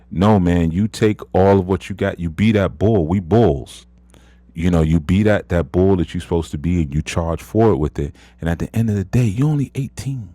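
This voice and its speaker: Deep-voiced man giving emphatic pep talk. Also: a little mellow, dry recording. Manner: emphatic, repeats words, frequent "you know". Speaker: host of an audio chat room. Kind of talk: motivational casual talk.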